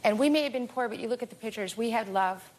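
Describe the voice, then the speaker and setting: A middle-aged woman, a talk show guest, speaking in a forceful, indignant way. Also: a little high, fast talker, poor audio. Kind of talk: emotional testimony on a talk show.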